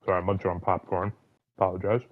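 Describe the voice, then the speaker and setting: A man's voice: sits low, flat delivery, quick pace, phone-quality sound. A man chatting casually on a group voice call, laid-back, laughing and swearing. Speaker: guest on a voice call.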